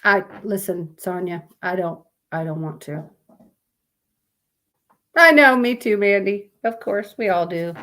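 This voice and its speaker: A woman hosts a casual live stream, reading fun facts aloud and chatting with viewers. She sounds sleepy and talks at an unhurried, drawn-out pace, wandering off on tangents as she goes. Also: medium pitch, a bit bright. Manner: rambling, chatty, addresses viewers as y'all. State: sleepy, yawning.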